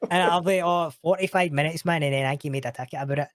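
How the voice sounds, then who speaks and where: A Scottish roleplay streamer chats casually as a podcast guest, talking fast in a slightly high voice. He's slangy, laughs often and swears freely, with no room sound on the recording.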